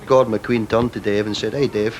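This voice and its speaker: A man, a former player, recalling team stories in a relaxed, reflective interview. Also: lowish voice, a little fast, a little hiss or hum. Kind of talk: anecdotal interview.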